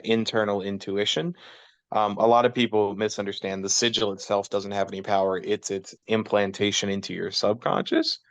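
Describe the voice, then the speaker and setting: A man with a fairly low voice, explaining occult ideas at a measured pace, like he's giving a small lecture. The sound is dry and close, with no room around it. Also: fairly bright tone, dry recording. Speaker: podcast co-host, chaos magic practitioner. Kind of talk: casual podcast chat.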